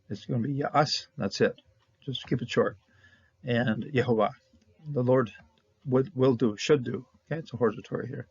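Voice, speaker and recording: A man teaching Bible Hebrew verse by verse, halting with fillers and checking in with "okay?", on a dull lo-fi recording. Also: mid-range voice, husky, no room sound. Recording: dull lo-fi sound.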